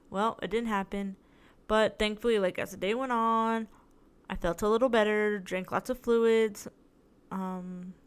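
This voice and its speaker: Smooth-voiced young woman, chatty podcaster. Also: mid-range voice. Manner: rambling, chatty storytelling with many "like"s. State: tired, in tooth pain. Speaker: podcast host. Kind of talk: casual solo podcast chat.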